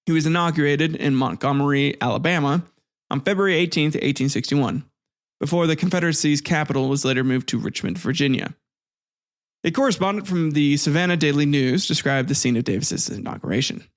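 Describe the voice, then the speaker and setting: A man's voice: a little high, fairly quick. A man narrating history with profane, laughing, sarcastic asides. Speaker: host.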